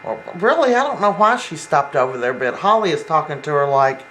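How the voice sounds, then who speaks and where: Casual soap recapper, mid-pitched, rambling with fillers, faint background hiss. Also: big pitch swings, fairly quick, fairly bright tone, poor audio. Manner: rambling, acts out quoted lines, many fillers.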